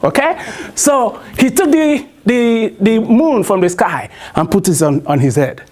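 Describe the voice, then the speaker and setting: A man's voice: high-pitched, animated, a little slow, a little mellow. A man with a Nigerian accent telling a traditional story to a live audience, prompting them with call-and-response questions.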